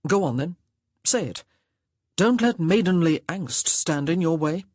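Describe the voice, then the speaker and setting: A woman voicing a self-assured roguish gentleman, speaking in a dry, sardonic, clipped way in an audiobook. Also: fairly low pitch, animated, a little slow, dry recording. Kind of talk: audiobook character voice.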